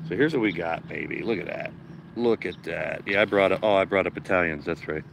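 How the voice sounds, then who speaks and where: A deep-voiced man hosts a casual gardening livestream from his backyard, with background noise present. He chats loosely, swears casually, and reads viewer comments aloud.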